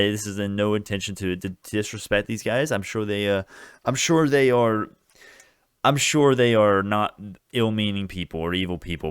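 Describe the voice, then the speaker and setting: A man's voice: on the low side, fairly bright tone, clear, resonant tone, no echo, studio quality. A man hosting a stock channel, giving heated reaction commentary in an agitated, swearing rant.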